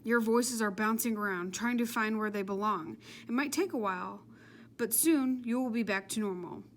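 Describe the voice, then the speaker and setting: A woman puts on a chatty school lunch lady with a high, sing-song voice. She sounds sweet and a little pushy, in a storybook reading. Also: moderate pace, a little hiss or hum, close to an everyday voice. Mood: calmly explaining.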